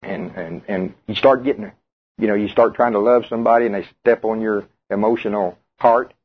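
A man's voice: lowish voice, fairly even intonation, fairly quick, breathy edge. A man preaching a sermon, talking conversationally and putting questions to the congregation. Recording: tinny radio broadcast.

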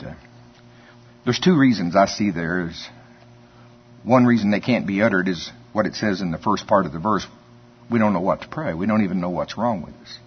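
Man preaching, husky and homey, on a dull lo-fi recording. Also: lowish voice. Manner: conversational storytelling, chuckles often. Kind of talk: folksy sermon.

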